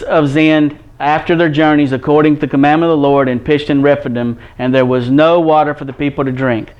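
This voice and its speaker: A man preaching a sermon, reading scripture in old wording and explaining it in plain, folksy talk straight to his listeners. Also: on the high side. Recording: dull lo-fi recording.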